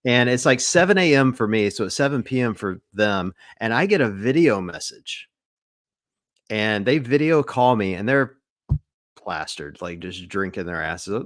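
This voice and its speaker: A man co-hosting a podcast, telling relaxed, rambling stories in casual chat, full of fillers. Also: on the low side, moderate pace, no echo, clean studio sound. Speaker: podcast co-host.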